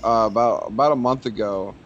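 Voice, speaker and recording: A man's voice: fairly low pitch, a little fast, fairly bright tone, lo-fi sound, slight background noise. A man in casual chat on a podcast, telling stories with many restarts and repeated words. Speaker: podcast guest.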